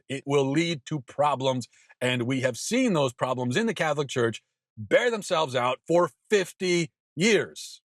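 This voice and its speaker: A man's voice: a little high, expressive, unhurried, no room sound, studio quality. A man in his thirties hosting an opinion show, talking emphatically with frequent stammered restarts. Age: 30s. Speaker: podcast host. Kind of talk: opinion monologue.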